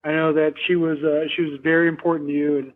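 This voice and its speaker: Podcast guest guy, bit higher voice, sounds like he's on a phone line, lots of um and like. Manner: relaxed, halting, many fillers. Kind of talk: casual conversation. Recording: tinny phone-like remote line.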